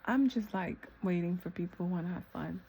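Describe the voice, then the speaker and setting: A woman vlogging a reflective self-talk monologue, rambling with lots of fillers and breaking into sudden high exclamations. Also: brisk, warm tone, breathy edge. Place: eating ice cream while filming herself.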